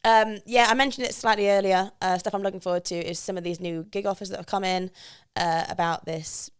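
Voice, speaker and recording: A woman's voice: medium pitch, steady tone, a little fast, smooth. A woman in her late twenties co-hosting a podcast in casual chat, bubbly and laughing often. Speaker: podcast co-host, DJ.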